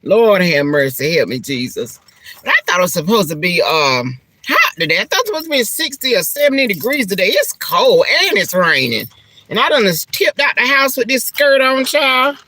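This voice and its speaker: Speaking at a medium pitch and moderate pace, this middle-aged woman vlogs a casual mukbang-style lunch chat. She addresses her viewers with Southern endearments like "honey" and "child," laughs a lot, and drops in churchy exclamations, all in a lively, talkative way.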